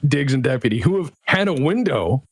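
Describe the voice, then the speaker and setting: Husky-voiced male game master. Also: mid-range voice, brisk, no room sound. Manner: lively, laughing asides, descriptive. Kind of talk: narrating a tabletop game.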